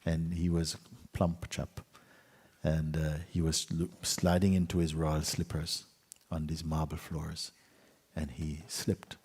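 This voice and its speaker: A man with a very low, husky voice tells a story gently and without hurry. His lines often fade to near-quiet endings. He speaks in a retreat hall with a long, lingering reverb. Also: fairly even intonation. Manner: gentle, unhurried storytelling with soft trailing endings. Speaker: spiritual teacher.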